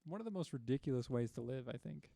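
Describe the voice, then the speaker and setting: A man's voice: medium pitch, lively intonation, quick pace, vocal fry, mellow, no echo. A young man co-hosting a casual podcast chat, laid-back and joking, laughing often. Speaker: podcast co-host.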